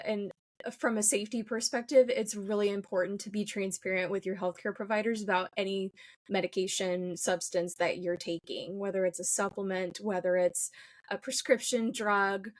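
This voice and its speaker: A woman pharmacist walks listeners through her points in a steady, explanatory podcast manner. Her voice sits at an ordinary middle pitch. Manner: measured, explanatory. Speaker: clinical pharmacist guest. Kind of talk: podcast conversation.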